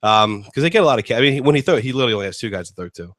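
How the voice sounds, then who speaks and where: A man's voice: medium pitch, expressive, very fast, a bit bright, no echo, studio quality. A man hosting a casual sports talk show, rambling and joking with lots of fillers. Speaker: host.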